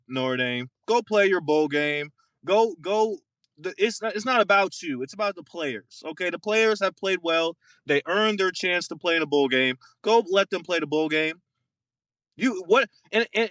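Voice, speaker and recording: A young man talks through a casual football podcast rant in a bright, rather high voice. He is dry and close to the mic, and he keeps circling back with fillers and repeated words. His tone is mocking and exasperated. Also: dry recording. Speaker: podcast co-host.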